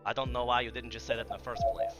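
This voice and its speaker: A big, good-natured warrior who speaks calmly and patiently, as a game master plays him. A man gives him an everyday, unforced delivery. Music plays in the background. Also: medium pitch, rapid-fire, natural voice. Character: huge affable male fighter, gentle giant.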